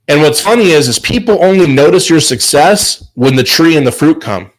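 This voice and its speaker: On a video call with poor audio, a man hosting a chef business show delivers an emphatic, preachy motivational talk, repeating words. His voice is a little high and expressive, at a moderate pace.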